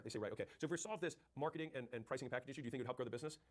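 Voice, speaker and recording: A man's voice: medium pitch, lively intonation. A man rattles through sales advice at a breakneck clip in an ordinary mid-range voice. He is punchy and direct, acting out lines from sales calls as he coaches. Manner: rapid, punchy, acts out sales dialogue. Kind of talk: fast sales coaching talk.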